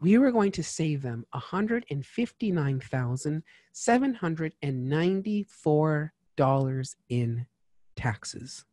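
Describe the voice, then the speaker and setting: Man, tax strategist guest, casual chat, lively asides, dry recording. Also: a little high, slow, no room sound. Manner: lively, chatty, full of asides and fillers.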